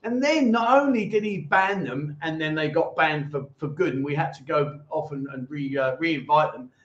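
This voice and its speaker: Male livestream host, high voice, jokey banter, echoey lo-fi room sound. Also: moderate pace. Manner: chatty, jokey banter with viewers. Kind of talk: casual live chat reading comments.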